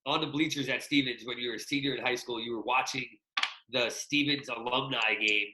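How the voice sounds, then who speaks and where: A man hosting a casual podcast, an animated storyteller who laughs often, talking over a video call. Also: mid-range voice, brisk, background noise. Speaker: podcast host. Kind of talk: casual chat. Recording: echoey room.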